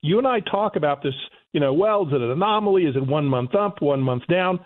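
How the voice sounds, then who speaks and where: A man's voice: a little high, expressive, brisk. A male economist calling in to a radio show, lecturing emphatically and indignantly. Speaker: economist guest. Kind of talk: talk radio phone interview. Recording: tinny phone line.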